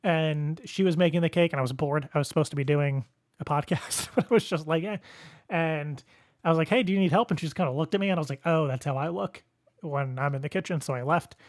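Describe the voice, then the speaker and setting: A man's voice: fairly high pitch, fast, no room sound, clean studio sound. A young man hosting a podcast alone, telling a rambling story in casual chat, often chuckling at himself. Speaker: podcast host.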